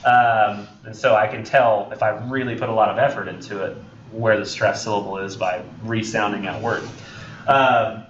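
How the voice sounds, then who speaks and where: A man's voice: lowish voice, fairly even intonation, normal speed, slight background noise. A young man, teaching a college English class in a casual, rambling way with frequent ums, self-corrections and jokes. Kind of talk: classroom lecture. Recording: roomy, distant, dull lo-fi classroom recording.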